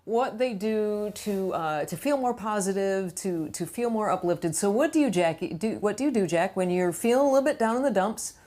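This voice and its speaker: A woman's voice: medium pitch, lively intonation, moderate pace, hardly any pauses, a little mellow. Laughing woman interview host. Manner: friendly, laughing, encouraging. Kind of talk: casual interview chat.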